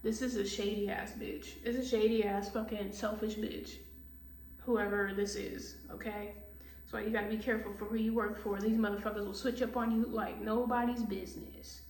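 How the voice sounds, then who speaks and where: A woman's voice: mid-range voice, flat delivery, normal speed, darkish tone, far from the mic, slight background noise. A woman giving a casual tarot reading, blunt and profane, ranting heatedly. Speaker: tarot reader. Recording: echoey room, voice off-mic.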